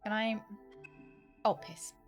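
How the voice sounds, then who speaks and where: A woman's voice: slow pace, faint music behind. A woman chatting through a livestream game, laughing often and rambling in jokey asides. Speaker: streamer. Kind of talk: gaming livestream commentary.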